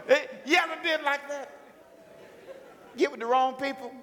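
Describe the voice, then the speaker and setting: Male preacher, high and bright, lively storytelling sermon in a reverberant hall. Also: fairly quick, slight background noise. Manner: animated storytelling, acts out biblical characters.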